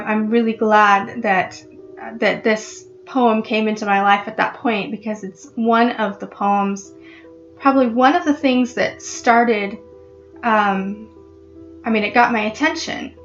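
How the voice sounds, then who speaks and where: A woman vlogger explaining a poem in a casual, halting way, with many ums and restarts. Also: medium pitch, lo-fi sound. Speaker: literary vlogger.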